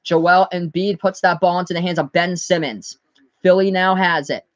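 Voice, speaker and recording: A man from the US Northeast giving live play-by-play commentary on his stream, calling the score briskly and talking to his chat. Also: high-pitched, no room sound, muffled recording.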